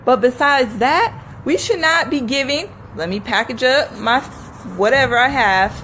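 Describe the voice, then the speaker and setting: A woman with a somewhat high voice leads a live motivational talk. She repeats short affirmations with earnest, coaching conviction, laughs easily, and speaks to her viewers by name. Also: unhurried, a bit bright, a little hiss or hum, poor audio.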